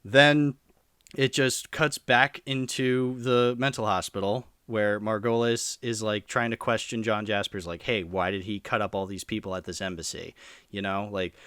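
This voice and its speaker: A man's voice: lowish voice, fairly bright tone, no room sound, clean studio sound. A man in a casual podcast chat, rambling animatedly through a film's plot with lots of fillers. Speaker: podcast co-host reviewing a film.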